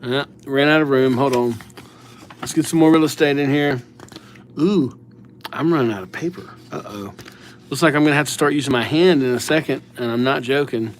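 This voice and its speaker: A man's voice: mid-range voice, normal speed, slight background noise. A man chatting casually on a live stream, reading out viewers' names as he writes them and thanking subscribers. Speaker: livestreamer writing viewers' names.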